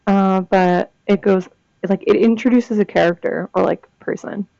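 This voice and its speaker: A woman's voice: medium pitch, fairly even intonation, normal speed, creaky, warm tone, no echo. A young woman reading ghost stories aloud and chatting between them, reacting with gasps and comments. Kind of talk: casual reading with asides. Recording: dull lo-fi dry sound.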